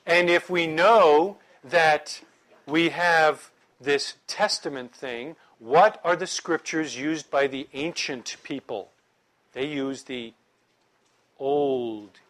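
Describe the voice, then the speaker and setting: A middle-aged man leads a Bible class with a slightly higher voice than most men. He keeps it conversational and lively, tossing questions and jokes to the room as he explains. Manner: lively, conversational, joking with the audience. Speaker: Bible teacher.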